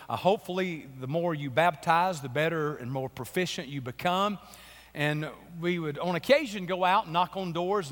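A man preaching a sermon in church, a little hoarse from a cold, telling folksy stories that build into emphatic preaching. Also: fairly high pitch, a bit bright. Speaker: pastor. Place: church sanctuary. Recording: long reverb of a church hall.

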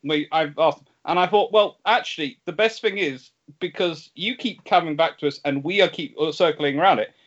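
A man's voice: on the high side, normal speed, few pauses, fairly bright tone, muffled recording. A man co-hosting a podcast, rambling in casual chat and often restarting his sentences. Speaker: podcast co-host.

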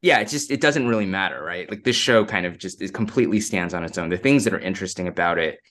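Male podcast host, very low voice, thoughtful, explains at length. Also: expressive, fast talker, a bit bright. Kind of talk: casual chat.

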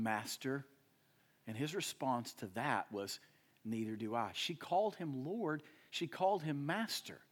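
A young adult man preaching to his congregation, his fairly high voice climbing into forceful emphatic bursts. Then he drops to a hushed, low, earnest tone to press his point home. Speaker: pastor. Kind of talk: sermon.

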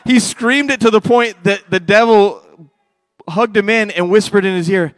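A middle-aged pastor delivers a passionate sermon, rising to loud fervent peaks and dropping to near-hushed appeals. His voice sits a little high for a man. The sound is dry and close, with little room around it. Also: moderate pace, no echo.

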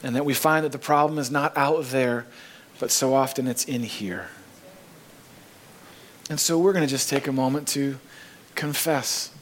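A man's voice: mid-range voice, moderate pace, long pauses, a little hiss or hum. A man preaching a sermon in a church, earnest and emphatic, rising on key phrases. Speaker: pastor.

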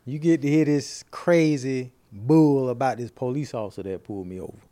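A podcast co-host speaks in a medium-pitched voice at a moderate pace, with no echo. On this casual show he's an animated storyteller, telling stories and acting out quotes.

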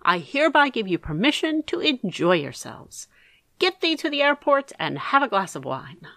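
An eccentric middle-aged uncle, as a woman puts him on, theatrical and flamboyant. His voice leaps through a very wide range with a bright edge. The sound is close and dry. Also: fairly high pitch, very animated, normal speed, no echo, voice pushed up. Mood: jovial.

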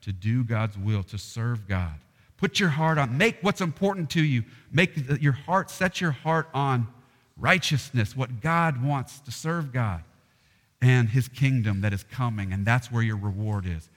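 A pastor preaching a sermon, earnest and plain, with voice rising into animated impressions. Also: male voice, medium pitch, measured pace, in a large hall.

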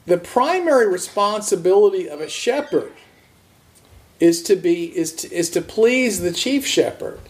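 A man preaching an earnest sermon, restarting phrases and slowing to stress key words. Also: high voice, sing-song. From raised Roman Catholic.

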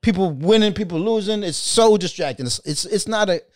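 A male comedian telling stories in a casual podcast chat, animated and swearing freely. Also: sits high, a little fast, no room sound, studio quality.

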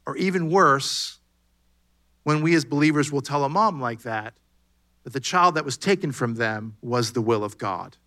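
Bright, animated male pastor preaching. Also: medium pitch, moderate pace. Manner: conversational preaching, acts out dialogue, animated. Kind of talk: sermon.

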